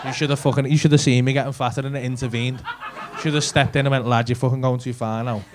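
Brash, sweary Liverpool comic. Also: male voice, mid-range voice, steady tone, quick pace. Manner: brash, sweary, teasing banter. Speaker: stand-up comedian. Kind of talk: crowd work stand-up. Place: comedy club stage with a live audience. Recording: live club audio with crowd laughter noise.

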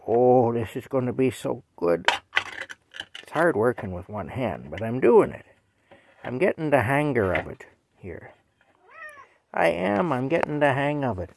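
A man's voice: lowish voice, creaky, background noise. A man filming at home, fondly talking to his cat while feeding it. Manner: slow, fond baby talk to his cat. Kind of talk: casual home vlog talking to a pet. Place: at home indoors.

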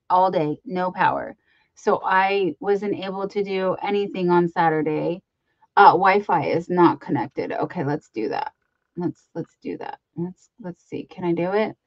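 A woman's voice: mid-range voice, a little mellow, dry recording, highs cut off. A woman hosting a live crafting stream, chatting casually and reading out viewer comments as she greets them by name.

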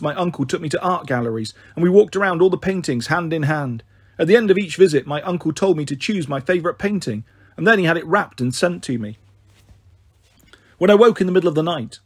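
A man reading a children's novel aloud in steady, expressive first-person narration. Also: a little high, breathy edge, dry recording, clean studio sound. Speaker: storyteller. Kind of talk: children's book read aloud.

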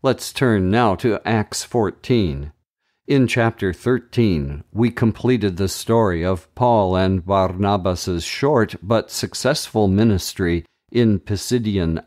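A man hosting a daily Bible reading podcast, reading scripture aloud in a measured, deliberate way with brief commentary. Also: fairly low pitch, a little mellow.

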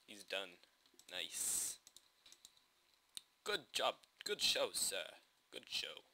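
A man casually commentating his own gameplay, excitable and jokey, with quick bursts of alarm. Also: low voice, a little hiss or hum.

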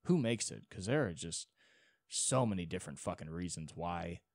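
A man's voice: deep voice, lively intonation, normal speed, dry recording, studio quality. A young man hosting a solo podcast, rambling in a casual monologue with many restarts and frequent swearing. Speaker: podcast host.

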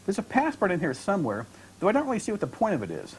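A man's voice: high voice, huge pitch swings, rapid-fire, a little hiss or hum, pitched above the performer's own voice, full character voice, poor audio. A man reading aloud from his novel, voicing a wry, talkative young American woman traveler with ironic, lightly defensive chatter. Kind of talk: author reading dialogue aloud.

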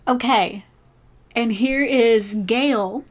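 A woman's voice: fairly high pitch, very slow. A woman hosting a crochet channel, casually showing off viewers' craft projects and gushing over each one. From United States. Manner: gushing, enthusiastic praise.

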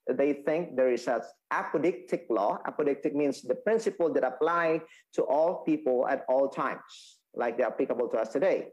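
A man teaching a Sabbath school Bible lesson, explaining slowly with many restarts and fillers. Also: medium pitch, a little mellow, rough recording. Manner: explaining, repeats and restates points, halting with fillers.

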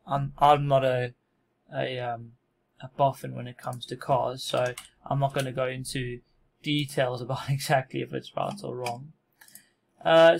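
A man casually walking through a software tutorial, relaxed and self-deprecating, with frequent fillers and restarts. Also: medium pitch, gravelly, a little hiss or hum. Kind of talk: casual screen-recorded tutorial.

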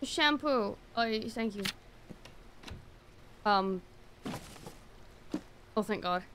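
A young woman streaming a game, reacting out loud with quick exclamations and frequent swearing. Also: mid-range voice, animated, noisy background. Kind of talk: casual live-stream gameplay commentary.

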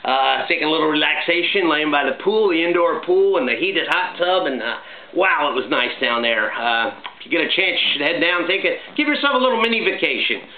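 A man's voice: a little high, expressive, fairly quick. Upbeat chatty man, tinny echoey sound. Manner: chatty, upbeat, jokey, with shout-outs. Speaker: vlog host. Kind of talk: casual home vlog monologue. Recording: echoey, tinny phone-like sound, faint hiss.

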